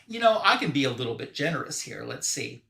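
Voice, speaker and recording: A man voicing a smug, ruthless businessman villain, speaking slowly and condescendingly. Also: mid-range voice, big pitch swings, creaky, bright, forceful tone, echoey room, exaggerated voice. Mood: gloating.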